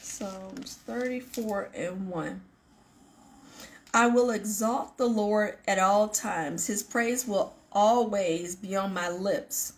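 A woman's voice: mid-range voice, takes it slowly. A woman hosting a faith program, giving an earnest devotional talk to her viewers, repeating her points for emphasis. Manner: earnest, emphatic repetition and asides to the audience. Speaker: ministry show host.

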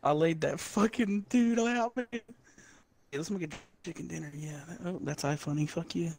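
A drunk young man chatting over a game, his voice a bit high for a man as he drawls curses between laughs. A faint hiss sits under the mic. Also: normal speed, a little mellow. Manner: laid-back, swears, laughs often. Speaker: gamer playing with friends. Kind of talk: casual gaming chat.

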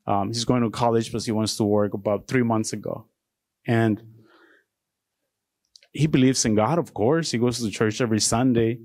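A man's voice: medium pitch, darkish tone, no room sound. A middle-aged man from Mexico, giving an earnest, heartfelt sermon as a deacon. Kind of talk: testimony sermon.

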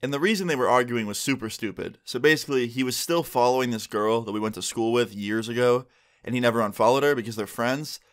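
A young man telling a story casually for his vlog, animated and full of fillers. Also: mid-range voice, fast. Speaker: vlogger.

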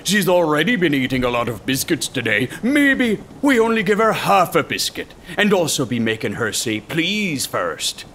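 A man's voice: on the high side, very animated, moderate pace, few pauses, fairly bright tone, slight background noise. Rotten Pete, a man doing a fussy hook-handed pirate. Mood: fretful. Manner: growls "arr" before every sentence, hesitant pirate grammar.

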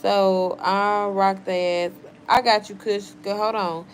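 Young woman streamer, a little drunk, brash and quick to clap back at her chat, mid-range voice. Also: medium pitch, steady tone, a little hiss or hum. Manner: brash, profane, quick to snap at chatters. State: tipsy from wine. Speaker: livestream host reading chat. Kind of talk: casual livestream chat.

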